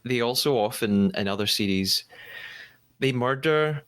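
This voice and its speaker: He recaps a TV episode on his podcast in casual, halting chat with lots of restarts. The voice sits mid-range, smooth and fairly bright, and his pace is unhurried.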